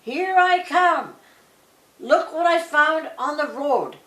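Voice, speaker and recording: An older woman reading aloud, voicing a cheeky, foolish young man who shouts merrily. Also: a little high, lively intonation, a little slow. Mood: boisterous. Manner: shouting, boisterous. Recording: roomy echo.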